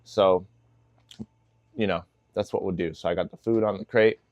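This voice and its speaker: A man's voice: low voice, steady tone, moderate pace, darkish tone, no echo, dull audio. A man working as a dog trainer, giving casual instructional tips with lots of "like" and "you know".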